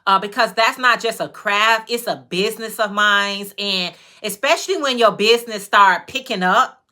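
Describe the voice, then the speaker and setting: Bright-voiced Chicago woman chatting live. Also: mid-range voice. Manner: chatty, greets viewers by name, drawn-out phrases. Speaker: livestream host and crochet maker. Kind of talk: casual livestream chat with viewers.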